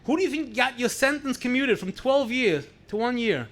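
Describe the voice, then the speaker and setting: A man voicing a secretive Soviet doctor who asks pressing questions in a quiet, firm way. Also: very high voice, expressive, moderate pace, pitched above the performer's own voice, heavily acted. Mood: earnest.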